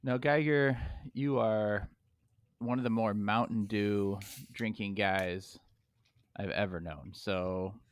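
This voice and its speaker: Male podcast co-host, low voice, teasing questioner, dry close sound. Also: fairly even intonation, slow pace, smooth, no room sound. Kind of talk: casual chat.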